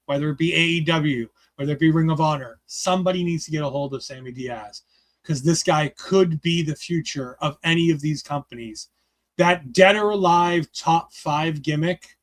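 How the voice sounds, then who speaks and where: Guy with a pretty high voice, rambly and hyped, swears a lot, says like constantly. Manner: excited, rambling, swears freely, many "like" fillers. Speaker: podcast co-host reviewing a wrestling show. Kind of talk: casual review chat.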